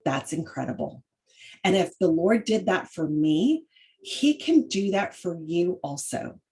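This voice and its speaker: A woman's voice: fairly low pitch, big pitch swings, measured pace, darkish tone. A middle-aged woman, hosting a chatty faith-based parenting talk full of fillers and restarts. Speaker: podcast host.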